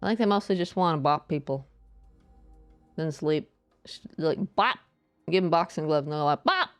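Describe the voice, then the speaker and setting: A woman's voice: sits low, normal speed, clear, resonant tone, soft background music. A woman with a Southeastern US accent chatting casually while streaming a video game, rambling and trailing off into stammered fillers.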